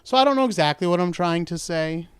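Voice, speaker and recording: A man's voice: high voice, lively intonation, fast, clean tone, no echo. A man hosting a true-crime talk show, telling the story in a rambling, jokey way and correcting himself as he goes. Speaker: podcast host. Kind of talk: casual true-crime chat.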